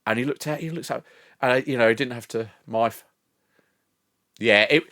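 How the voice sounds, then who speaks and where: A man's voice: medium pitch, normal speed, a bit bright, dry recording, clean studio sound. An older man streaming from home, chatting casually with his viewers, rambling, swearing and laughing often. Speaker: live streamer. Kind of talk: casual chat with live chat.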